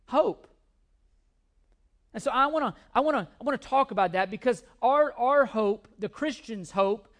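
Brief: pastor in mid-sermon, emphatic, hammers key words, jokes at own expense. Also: mid-range voice. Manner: self-deprecating humor.

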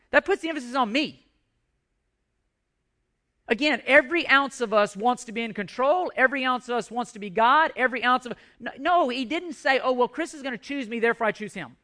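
High, bright-voiced male preacher. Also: moderate pace. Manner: emphatic preaching with repetitions and restarts. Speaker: pastor. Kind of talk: sermon.

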